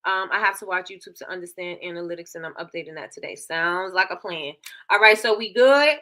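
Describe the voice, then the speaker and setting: A woman's voice: lowish voice, brisk, pushed and bright. A woman hosting a casual live business show, chatty and repeating herself as she reads out figures. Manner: chatty, repeats phrases, reads stats aloud. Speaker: livestream host.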